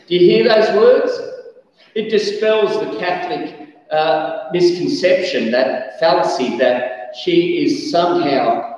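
A man's voice: on the high side, slow. Man preaching in an echoey hall. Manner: animated storytelling, bursts of shouting. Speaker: pastor. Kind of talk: sermon. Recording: echoey hall, distant dull mic.

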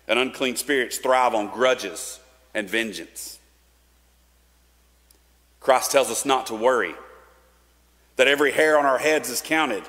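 A man's voice: mid-range voice, fairly bright tone. Man preaching in reverberant church. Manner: casual, conversational, with filler likes and restarts. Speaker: pastor. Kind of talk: sermon. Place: church sanctuary.

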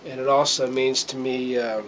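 A man's voice: mid-range voice, flat delivery, a bit bright, rough recording. Man, middle-aged, from the United States, earnest rambling monologue, lots of fillers, a bit choked up, handheld camera, faint background noise. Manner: rambling, earnest, halting with many fillers and restarts. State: a little choked up. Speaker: vlogger. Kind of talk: casual heartfelt monologue to camera.

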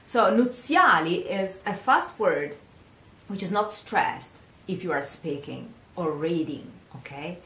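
An Italian-accented woman teaches singers pronunciation, speaking slowly and repeating each word so the student can echo it. Her voice carries a noticeable room echo. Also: on the low side, animated, fairly bright tone. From Italy. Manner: coaching, repeats words slowly for the learner to echo. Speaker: singing teacher. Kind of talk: pronunciation lesson.

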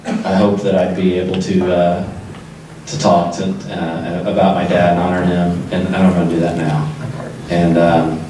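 Man with a very low voice, speaking unprepared at a memorial, far from the mic in a reverberant room. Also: flat delivery, measured pace, background noise. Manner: loose and joking, with frequent fillers. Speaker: son of the deceased, event host. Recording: echoey hall, speaker off-mic.

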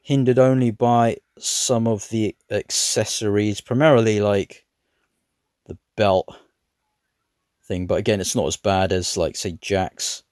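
A man casually reviewing an action figure, talking in a relaxed, rambling way with hesitant fillers. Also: lowish voice, a little slow, no echo, clean studio sound. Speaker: toy reviewer.

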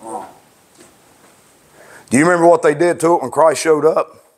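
A male pastor preaching a plainspoken, fervent sermon, swinging from low talk to raised shouts. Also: moderate pace. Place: church.

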